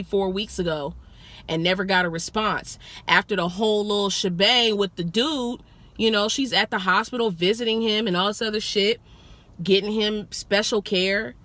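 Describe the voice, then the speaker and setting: A young woman with a bright, sharp voice recounts a rider's drama in casual vlog storytelling. She swears freely and slips into the voices of the people she quotes. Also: mid-range voice, moderate pace. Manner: profane, animated, acts out quotes. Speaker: rideshare driver telling a passenger story.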